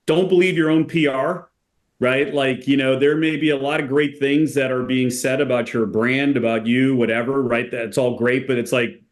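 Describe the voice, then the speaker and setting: A man's voice: medium pitch, moderate pace. Chatty male exec, lots of fillers. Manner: relaxed, frequent "you know" and "like" fillers, animated when telling stories. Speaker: company executive guest. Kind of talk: conversational podcast interview.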